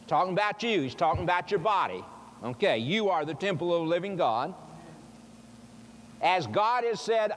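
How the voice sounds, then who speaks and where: A man's voice: high-pitched, a bit bright. A man preaching a sermon, explaining scripture with emphatic rhetorical questions put to his listeners. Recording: long hall reverb, faint noise.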